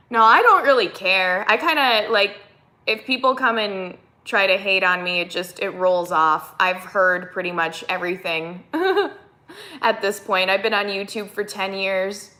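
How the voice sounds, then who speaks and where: Hosting a casual live stream, this woman from the United States has a Minnesotan accent and chattily reads out viewer comments before responding. She speaks at a measured pace in a mid-range, sharp-toned voice with lively intonation.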